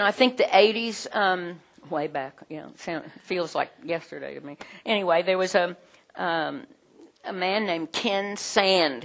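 A middle-aged woman teaching a group in a conversational way, animated, with many fillers. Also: on the low side. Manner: animated, acts out quoted voices, frequent fillers.

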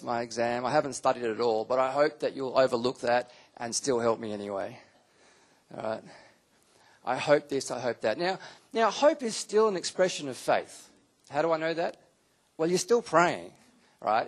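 A man teaching a Bible school class to a live audience, animated and acting out quotes with sudden leaps in pitch. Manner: animated, acts out quotes with big pitch jumps. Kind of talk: teaching sermon.

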